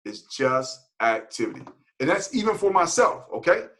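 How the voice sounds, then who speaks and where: A man leading a motivational team call, energetic and preachy, repeating himself for emphasis. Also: fairly high pitch, moderate pace, poor audio. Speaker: team leader.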